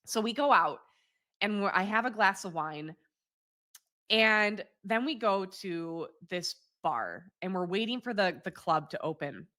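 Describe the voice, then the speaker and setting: Woman, 30s, host, bright and forceful voice, candid storyteller who laughs easily. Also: mid-range voice, measured pace. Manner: lively, candid, laughs often, swears freely. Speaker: podcast host. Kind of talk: casual storytelling monologue.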